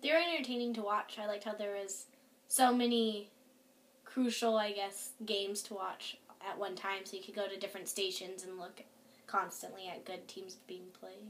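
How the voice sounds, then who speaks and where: A shy woman chatting softly from off camera. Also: mid-range voice, fairly even intonation, normal speed. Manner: shy, soft-spoken. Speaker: off-camera guest. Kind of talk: casual chat. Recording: faint off-mic voice with light noise.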